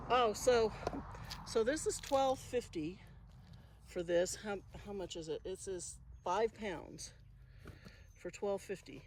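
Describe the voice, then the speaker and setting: A woman vlogging about her garden, chatting casually and thinking aloud as she works outdoors. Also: mid-range voice. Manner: chatty, thinking aloud, soft-spoken asides. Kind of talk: casual narration while working. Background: passing traffic.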